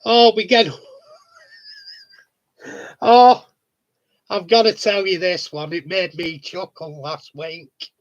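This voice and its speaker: A man's voice: sits high, highs cut off. Blunt, sweary man chatting on his own. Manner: blunt, swears freely, chuckles often. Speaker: vlogger. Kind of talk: casual chat monologue.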